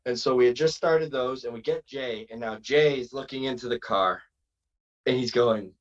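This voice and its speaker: In a muffled recording, a wrestler guest from Massachusetts rambles through a lengthy road-trip tale at a moderate pace, his voice mid-range. He casually performs the quoted lines in different voices.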